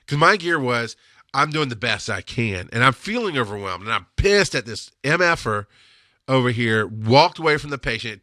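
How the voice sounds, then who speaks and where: Man, casual storyteller, blunt, swears, bright tone, dry close mic. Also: medium pitch, big pitch swings, moderate pace, no room sound. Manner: blunt, emotional, swears when angry. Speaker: EMS instructor telling field stories.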